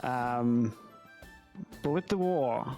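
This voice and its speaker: A man's voice: mid-range voice, drawn-out words, dark tone, soft background music. A man voicing an old male elf war veteran in a mixed Irish and British put-on accent, tagging his lines with "so it was". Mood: musing. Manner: musing, tags phrases with "so it was".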